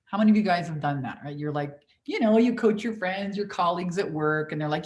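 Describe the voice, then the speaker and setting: A woman's voice: lowish voice, brisk, few pauses, a little mellow. A young adult woman coaching on a livestream, casually reading viewer comments aloud and swearing freely as she talks. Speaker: business coach hosting a livestream Q&A. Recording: echoey room.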